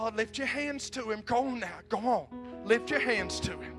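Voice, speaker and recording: A man preaching a sermon to his congregation, dropping to whispers and building to shouted praise, repeating phrases for emphasis. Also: extremely high pitch, animated, normal speed, over loud music. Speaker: pastor.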